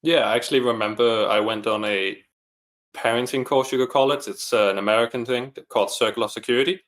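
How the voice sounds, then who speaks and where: A man's voice: medium pitch, fairly even intonation, fast talker, a bit bright. A man, a single father and coaching client, talking earnestly and reflectively in an interview. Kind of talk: casual interview chat.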